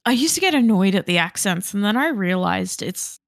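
A woman's voice: mid-range voice, lively intonation, fairly quick, gravelly, dry recording, clean studio sound. A woman co-hosting a gaming podcast in casual, rambling chat, laughing often. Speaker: podcast co-host.

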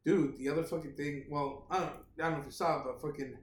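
A man's voice: on the high side, steady tone, fast. A man co-hosting a podcast, swearing and laughing through casual banter. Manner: laughing, swearing, jumps into impressions. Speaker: podcast co-host. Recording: roomy echo with faint noise.

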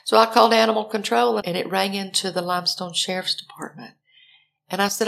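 An older woman tells a story, her voice carrying a gravelly edge. She talks animatedly and acts out her own frantic calls for help. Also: mid-range voice, fairly even intonation, brisk, fairly bright tone. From Alabama, US. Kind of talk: personal storytelling.

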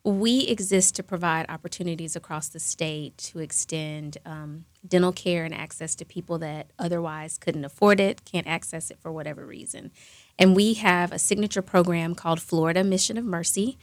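A woman's voice: on the low side, fairly even intonation, moderate pace, no echo. A woman, a guest from a charity foundation on a radio interview, explaining things in an upbeat way.

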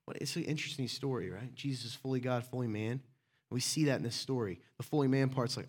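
A man preaching a sermon in a casual, conversational way, joking with people in the room by name and swinging between loud and hushed. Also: mid-range voice, quick pace. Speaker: pastor.

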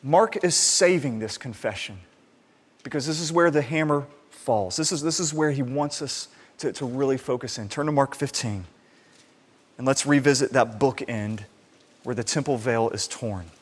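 A man preaching a sermon in an animated way, acting out the people he quotes. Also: mid-range voice, moderate pace, breathy edge. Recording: reverberant hall sound.

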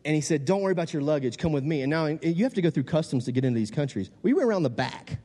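A man's voice: fairly high pitch, very fast. A man from Louisiana, telling a funny story to an audience from the stage and acting out the voices. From Louisiana, USA. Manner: animated, joking, acts out quoted voices. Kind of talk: humorous storytelling talk to an audience. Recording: long hall reverb.

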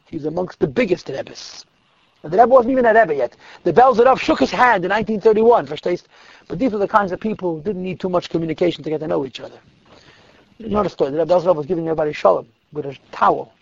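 Gravelly high-voiced man telling a story. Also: quick pace, no room sound. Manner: animated and emphatic, repeats words for stress. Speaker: religious storyteller. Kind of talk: telling a Hasidic story to listeners. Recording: dull lo-fi, dry recording.

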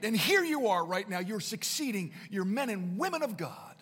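In a large room at a Bible college, a high-voiced man preaches to students, moving between hushed, reflective lines and emphatic declarations. His husky voice has a sing-song lilt at a moderate pace, and a long hall reverb trails each phrase.

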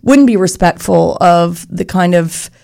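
A woman's voice: lowish voice, measured pace, gravelly, mellow. A woman leading a chamber of commerce, speaking earnestly and articulately in an interview conversation. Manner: earnest, articulate, explains with examples.

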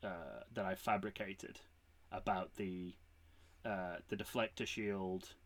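Man doing a hushed scheming old emperor. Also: low-pitched, fairly even intonation, takes it slowly, voice pushed down, heavily acted.

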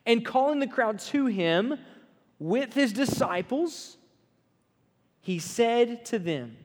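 A man preaching a conversational sermon to a group, lively and often checking in with his listeners. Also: high-pitched, moderate pace. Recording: long hall reverb.

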